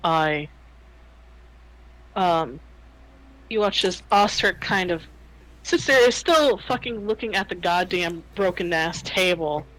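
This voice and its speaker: A man's voice: high-pitched, a bit bright, poor audio. A man narrating a tabletop game as game master, telling the story unhurriedly. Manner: unhurried storytelling, casual swearing.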